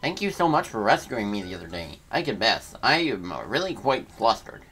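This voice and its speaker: A man's voice: lowish voice, sing-song, moderate pace, fairly bright tone. A man voicing a fussy male alien treasure appraiser with a put-on accent, speaking formally and politely. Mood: flustered.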